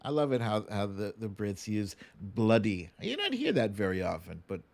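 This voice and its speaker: A man hosting a live stream in casual chat, reading viewer comments aloud and answering them with quick asides and hums. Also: fairly low pitch, creaky. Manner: animated, frequent chuckles and filler hums. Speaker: livestream host.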